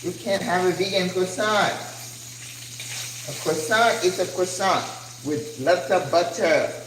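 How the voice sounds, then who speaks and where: An older woman chats animatedly while she cooks in her home kitchen, hosting a casual livestream. She talks at an unhurried, drawn-out pace. The room sounds echoey, with sizzling and frying clearly heard behind her. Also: fairly low pitch, noisy background. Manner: chatty, animated, reads viewer comments aloud. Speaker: cooking channel host. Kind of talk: casual cooking livestream chat.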